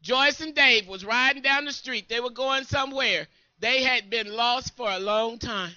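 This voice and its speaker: A woman co-pastor preaching a sermon in an emphatic call-and-response style, often pausing for her congregation to answer. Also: fairly high pitch, bright, forceful tone, no echo, dull audio.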